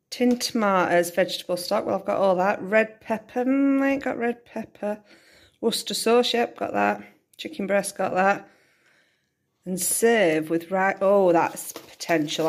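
Gravelly-voiced woman chatting at home. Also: medium pitch, a little hiss or hum. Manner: rambling, thinks aloud, self-interrupting. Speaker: vlogger. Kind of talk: casual chatty vlog. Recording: echoey room.

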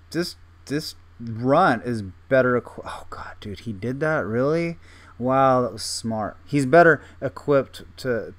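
A young man casually thinking aloud while playing a game, self-mocking and full of restarts. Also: mid-range voice. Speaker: gaming video host. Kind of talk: casual gameplay commentary.

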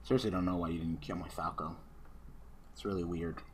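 A man's voice: sits low, fairly even intonation, a little fast, background noise. A man hosting a gaming channel, giving casual commentary on an online card duel, swearing constantly and swinging between muttering and ranting.

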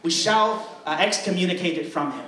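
A man's voice: high-pitched, a little fast, bright, forceful tone, pitched below the performer's own voice. A man voicing a pompous middle-aged male pastor who speaks in a solemn, fumbling preacher cadence on a comedy stage. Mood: fervent. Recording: roomy stage sound from a distant mic.

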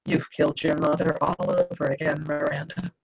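A cold, furious father figure who speaks slowly and softly, with a gravelly, husky edge, as a woman puts him on in a book reading. The sound is dull and lo-fi, like a video call. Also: a bass voice, exaggerated voice. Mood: menacing. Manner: slow, quiet, menacing. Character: stern furious father sorcerer, soft and deadly.

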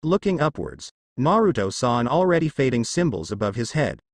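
Lively male storyteller, dry close sound. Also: medium pitch, fairly quick, no echo. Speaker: narrator. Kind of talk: reading fan fiction aloud.

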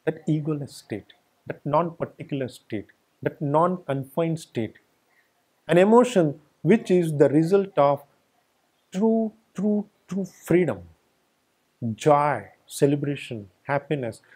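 Lively, husky-voiced spiritual teacher. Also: male voice, on the high side, slow pace. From India. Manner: emphatic, repetitive lists. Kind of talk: satsang discourse.

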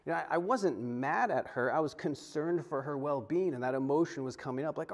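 Lively conversational man preaching. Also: fairly high pitch, moderate pace, hardly any pauses. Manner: conversational, animated, frequent restarts and acted-out quotes. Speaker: pastor. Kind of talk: sermon.

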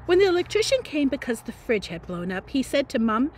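A teacher reading a novel aloud in a dramatic, playful voice, with chatty asides. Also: female voice, high voice, big pitch swings, brisk, few pauses, slight background noise. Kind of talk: expressive read-aloud narration.

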